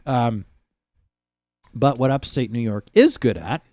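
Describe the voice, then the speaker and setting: A man telling rambling, profanity-laced stories on a livestream, full of ums and asides. His pitch sits in the middle range. The recording is dry, with little room sound. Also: lively intonation, slow pace, darkish tone, no echo. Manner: profane, rambling storytelling with many fillers. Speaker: livestream host. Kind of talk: casual rambling livestream chat.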